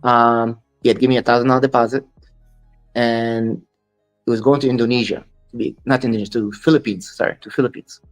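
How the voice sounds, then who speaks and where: A man's voice: mid-range voice, little pitch movement, fast, faint music behind. Blunt man telling stories. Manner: blunt, dismissive of critics, quotes others in dialogue. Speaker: dog breeder guest. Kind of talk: storytelling interview.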